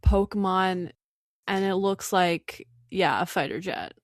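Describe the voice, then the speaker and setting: A woman's voice: fairly low pitch, takes it slowly, dry recording, studio quality. A woman co-hosting a podcast, chatting in an amused, easygoing way. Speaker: podcast co-host. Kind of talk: casual chat.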